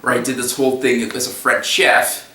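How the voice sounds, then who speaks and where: A young man tells a rambling story in a casual, halting way, restarting his sentences often. His voice has a bright edge. He sounds a little away from the mic, in a roomy, echoey space. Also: mid-range voice, level tone, distant mic. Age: young adult. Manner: halting, restarts, breaks into silly voices and laughs. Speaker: storyteller recounting a trip.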